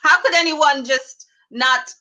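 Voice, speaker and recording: A woman guest chatting casually on an online show, her voice fairly high and bright with a forceful edge. She talks with enthusiasm and breaks into laughter often. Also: takes it slowly, poor audio. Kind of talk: casual chat.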